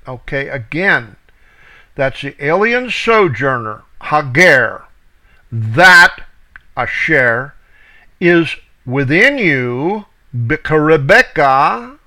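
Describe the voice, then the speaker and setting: A man teaching from scripture, reading each verse slowly and deliberately, calling out reference numbers and stressing key words. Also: fairly high pitch, sing-song, bright, forceful tone, rough recording. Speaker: Bible teacher. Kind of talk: scripture reading with word study.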